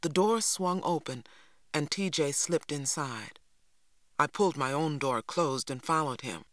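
A narrator reading a novel aloud in a steady storytelling manner. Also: mid-range voice, a little slow, no echo, studio quality. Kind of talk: audiobook reading.

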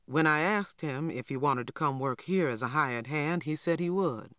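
A man's voice: on the high side, moderate pace, bright, forceful tone, no room sound. Southern father voiced by a man, plain, matter-of-fact, dry recording. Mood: earnest.

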